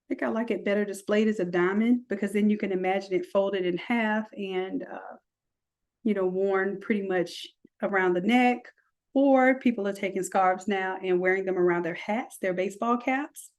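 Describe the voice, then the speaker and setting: A woman walking through a software design tutorial, chatty, with folksy asides. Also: medium pitch, normal speed. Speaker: design instructor. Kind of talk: screen-recorded software tutorial.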